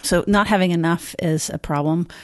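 A woman's voice: fairly low pitch, moderate pace, no room sound, clean studio sound. A woman co-hosting a podcast, asking curious, open questions of her guest. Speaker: podcast co-host. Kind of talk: podcast interview.

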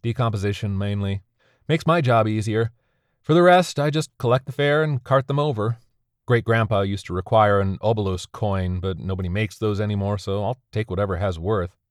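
A man's voice: fairly low pitch, normal speed, no echo, lightly acted. A man voicing a sardonic woman who captains an underworld ferry, speaking in a dry, weary, matter-of-fact way.

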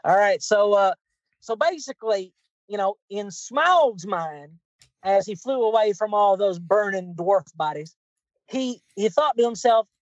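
A man's voice: sits high, expressive, a little slow, no echo, lo-fi sound. A man playing a tabletop game, telling a story in character with a put-on accent, rambling with many fillers. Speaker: player.

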